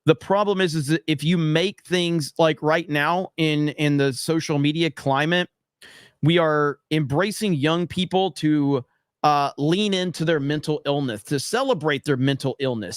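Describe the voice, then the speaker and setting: Fairly high-voiced guy streaming, swears a lot, reads chat out, dry sound. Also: normal speed, no room sound. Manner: animated, profane, blunt. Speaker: livestream host. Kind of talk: casual livestream chat, reading viewer comments.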